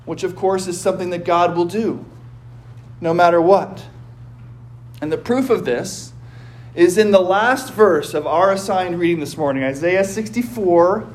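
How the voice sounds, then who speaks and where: A male pastor preaching a sermon in a measured way, at times rising into pleading cries. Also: high voice.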